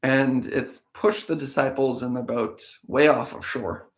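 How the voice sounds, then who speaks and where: A man, his voice a little hoarse from a cold, reads scripture aloud and stops to muse on it in a relaxed, conversational way. His voice sits at an ordinary middle pitch, and the echoey room rings around his words. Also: unhurried. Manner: thinks aloud, conversational asides. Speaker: host of a daily Bible reading show. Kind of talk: casual scripture reading with commentary.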